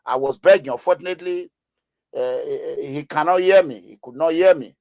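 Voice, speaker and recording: A man delivers heated online news commentary in an impassioned, pleading voice. He fills his speech with hesitations and repeats himself for emphasis. His fairly high voice is recorded close and dry. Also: brisk, a little mellow, dry recording. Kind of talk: emotional video commentary.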